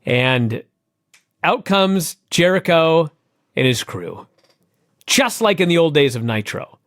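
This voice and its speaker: A man co-hosting a podcast, chatting casually as an excitable, enthusiastic fan. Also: takes it slowly, dry recording, clean studio sound. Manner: excitable, enthusiastic fan who jumps up in pitch when thrilled. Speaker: podcast co-host. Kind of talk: casual chat.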